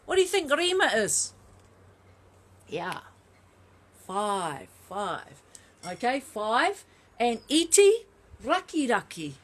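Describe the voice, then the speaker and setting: Kiwi lady teaching the kids a song, chatty and encouraging, high voice, guitar playing. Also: a bit bright. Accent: New Zealand. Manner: chatty, encouraging, mixes in Māori words. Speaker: kindergarten teacher.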